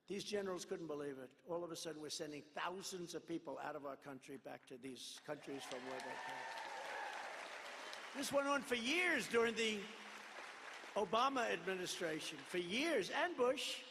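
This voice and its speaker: A man with a gravelly, fairly high voice gives a rally speech and rambles through stories, acting out each exchange. His voice rolls through a large arena with a long reverb. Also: lively intonation, normal speed, sharp tone, a faint crowd. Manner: rambling storytelling that acts out dialogue. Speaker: political speaker at a rally.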